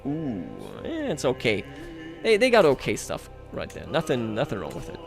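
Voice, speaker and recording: A man's voice: mid-range voice, wildly swooping pitch, normal speed, gravelly, over music. A man livestreaming a strategy game, talking casually to his chat, self-mocking and chuckling often. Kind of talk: casual gameplay commentary.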